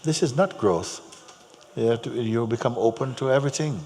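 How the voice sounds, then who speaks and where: A man giving a spiritual talk to an audience, telling stories gently and repeating his phrases, with soft laughs. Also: mid-range voice, brisk. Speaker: spiritual teacher. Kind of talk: spoken teaching to an audience. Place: large hall. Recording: long hall reverb, faint hum.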